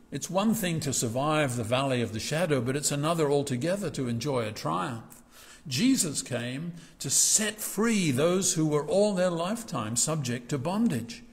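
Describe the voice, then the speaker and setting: A man's voice: fairly high pitch, lively intonation, normal speed. A male pastor preaching a reflective sermon in a church, often restarting his phrases. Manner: reflective, with frequent restarts and gentle asides. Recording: long hall reverb.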